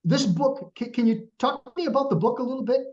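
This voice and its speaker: A man's voice: very high-pitched, fast, darkish tone. A man hosting an interview over a video call, asking questions hesitantly with many fillers. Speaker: host. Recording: dull lo-fi sound.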